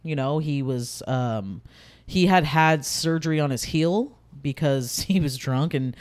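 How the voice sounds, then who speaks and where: A woman's voice: low voice, a little slow, a little mellow. A woman in her thirties, a podcast guest, telling a personal story candidly in casual conversation, with many fillers. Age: 30s.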